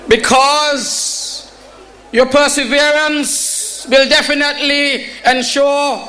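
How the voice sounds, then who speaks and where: A high-pitched man delivers a formal speech at a measured, unhurried pace. His bright tone carries as he leans on key words for emphasis. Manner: slow, deliberate oratory with emphatic stresses. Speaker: prime minister giving a speech.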